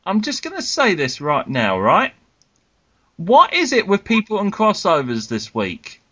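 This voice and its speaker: Grumpy podcast host, lo-fi. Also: male voice, high voice, huge pitch swings, measured pace, fairly bright tone. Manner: exasperated, grumbling, swears. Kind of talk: casual podcast chat. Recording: dull lo-fi podcast audio.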